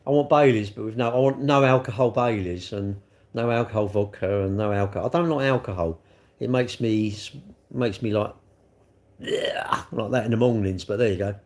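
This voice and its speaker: A middle-aged man, chatting casually on a livestream and answering viewer comments in a rambling way, full of tag questions. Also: mid-range voice.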